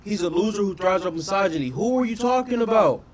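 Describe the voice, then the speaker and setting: High-voiced man in profane reaction chatter. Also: fast talker. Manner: animated, profane, questioning the audience. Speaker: reaction streamer. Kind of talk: casual reaction commentary.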